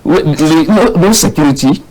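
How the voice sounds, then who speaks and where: A Nigerian man, a public affairs analyst, giving heated, exasperated commentary on a studio panel, his voice jumping to sudden high bursts. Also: normal speed, darkish tone, rough recording.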